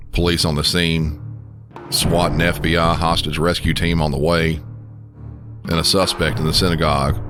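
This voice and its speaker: A man with a Southern American accent, a podcast host and dispatcher, narrating a case in a calm, measured way. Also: rumbling low. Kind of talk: scripted narration.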